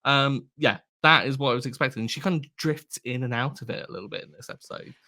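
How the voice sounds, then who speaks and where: Male co-host, easygoing and agreeable, mid pitch with a bright, sharp tone. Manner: relaxed, agreeable, quick to laugh. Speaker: podcast co-host. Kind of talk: casual chat.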